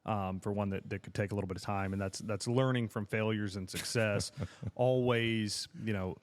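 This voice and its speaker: A young man co-hosts a casual business podcast. His voice is fairly low, and he answers in an agreeable, quick, matter-of-fact way. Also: fairly even intonation. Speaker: podcast co-host.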